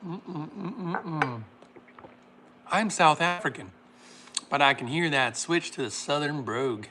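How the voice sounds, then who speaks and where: A man hosting a casual livestream, reading chat comments aloud and laughing often while making a smoothie. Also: on the high side, lively intonation, normal speed, sharp tone, a little hiss or hum.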